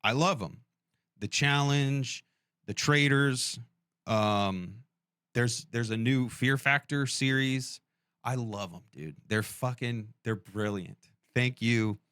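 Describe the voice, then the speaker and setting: A man's voice: mid-range voice, slow, fairly bright tone, clean tone, no room sound. A man with a mid-range voice co-hosting a podcast, recorded dry and close. He talks loosely and swears often, leaning on "like" and "dude". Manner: loose and profane, says "like" and "dude" a lot. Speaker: podcast co-host. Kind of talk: casual conversation.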